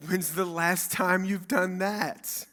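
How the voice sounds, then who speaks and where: A man's voice: high voice, fairly even intonation, takes it slowly, fairly bright tone. A man pastor delivering a dramatic, emphatic sermon in a church, building up through repeated phrases. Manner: dramatic, emphatic preaching with repetition. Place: church sanctuary.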